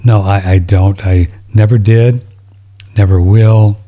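A man's voice: on the low side, fairly even intonation, takes it slowly, warm tone, highs cut off. A man hosting a show, reading listener emails in a rambling, folksy, casual way, easily moved to tears. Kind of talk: casual chat.

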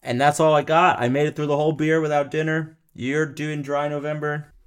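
A man's voice: on the high side, little pitch movement, fairly quick, smooth. A young man co-hosting a podcast, joking around and rambling in casual chat, laughing often. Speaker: podcast co-host.

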